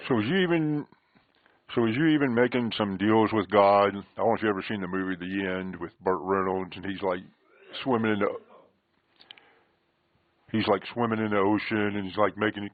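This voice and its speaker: A man's voice: fairly low pitch, fairly even intonation, brisk, no echo, narrow, tinny audio. A man hosting an interview and asking questions in a folksy, conversational way. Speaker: host, interviewer.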